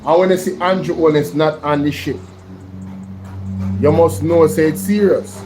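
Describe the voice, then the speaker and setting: A YouTube reaction host with a Jamaican accent chats with viewers during a casual live stream, calling them by name. His voice is fairly high and steady at normal speed. Music plays underneath, and the recording is rough.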